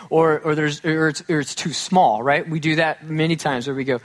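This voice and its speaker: A male pastor with a fairly high voice gives a chatty, conversational sermon. He often acts out the voices of the people he quotes, and he slips in self-deprecating jokes. His delivery stays relaxed and easy. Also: brisk, hardly any pauses.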